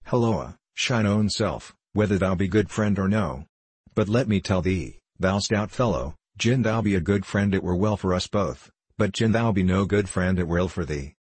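A blustering, quick-tempered tinker from an old storybook tale, as a man reads him aloud. He talks in archaic speech with a low, husky voice, recorded close and dry. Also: dry recording. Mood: boastful. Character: boastful brash male tinker, adult, quick-tempered.

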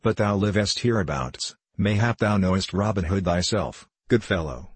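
A man's voice: low-pitched, animated, moderate pace, husky, no room sound. A man voicing a blustering boastful tinker. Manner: old-fashioned archaic speech, blustering. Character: boastful brash male tinker, adult, quick-tempered.

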